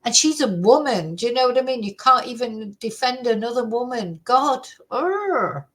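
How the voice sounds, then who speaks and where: A woman's voice: fairly high pitch, fairly quick, poor audio. A woman giving casual true crime commentary to camera, exasperated and ranting, with swearing.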